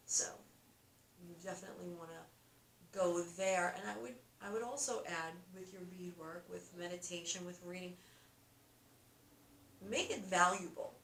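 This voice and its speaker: A woman co-hosting a spiritual podcast, talking in a reflective, unhurried and encouraging way. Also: lowish voice, fairly even intonation, vocal fry, a bit bright, a little hiss or hum. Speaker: podcast co-host. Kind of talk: casual spiritual chat. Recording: roomy, distant mic, faint ambience.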